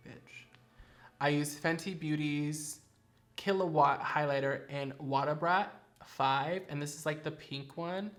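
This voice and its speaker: A man's voice: a little high, slow, pauses often, a bit bright, soft background music. A man who performs in drag, chatting sassily and playfully about favorite makeup products in a studio vlog. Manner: sassy, chatty, playfully dramatic.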